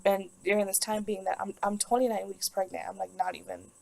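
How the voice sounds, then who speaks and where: A woman's voice: medium pitch, level tone, brisk, vocal fry, darkish tone, rough recording. A young woman telling a personal story in a vlog, rambling and emotional, with lots of "like". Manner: rambling, emotional, heavy use of "like". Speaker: vlogger.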